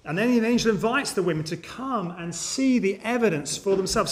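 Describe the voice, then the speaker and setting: High-voiced man preaching an Easter sermon. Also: lively intonation, a little fast. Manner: earnest, emphatic, addresses listeners directly. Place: church service.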